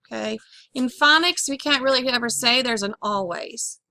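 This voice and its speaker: A woman teaching a phonics lesson, spelling out letters one by one in a slow, deliberate way and clearing her throat now and then. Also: fairly high pitch, sharp tone, no echo. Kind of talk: classroom lesson on syllable accent.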